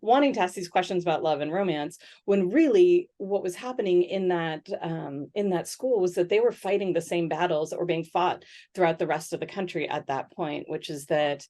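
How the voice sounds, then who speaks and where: Thoughtful woman scholar with lowish voice. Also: normal speed, hardly any pauses. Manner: thoughtful, many "um"s and "right?" tags, animated when quoting others. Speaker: sociologist and author, interviewee. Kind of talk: conversational interview answers.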